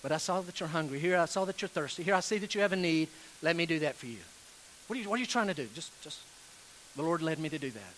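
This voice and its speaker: A male pastor delivers an earnest sermon, pleading with his listeners and leaning hard on slow, stressed phrases. His voice sits high for a man and rings bright and forceful. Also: expressive, slight background noise, rough recording.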